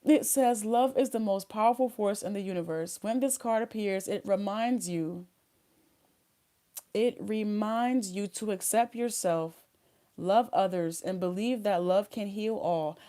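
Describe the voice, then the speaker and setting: A woman's voice: mid-range voice, unhurried, mellow. A woman giving a live tarot reading, chatting casually in slang and reading card messages aloud. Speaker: tarot reader.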